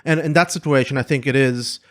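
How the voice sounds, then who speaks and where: A man talking in a casual podcast conversation. His voice sits in a middle pitch, and he explains his points thoughtfully, often restarting a phrase as he goes. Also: fairly quick, a bit bright. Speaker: podcast co-host.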